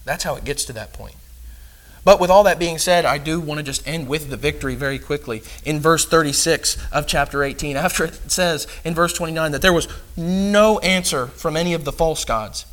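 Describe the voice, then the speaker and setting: Young guy preaching hard, kinda high voice, gets loud on the big points. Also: fairly quick. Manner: earnest, emphatic, rising loud on key points. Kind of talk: sermon.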